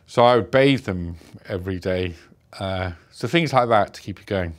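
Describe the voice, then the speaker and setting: A middle-aged man from Britain with a lowish voice is a guest in an interview. He tells a personal story slowly and reflectively, halting often and restarting many times.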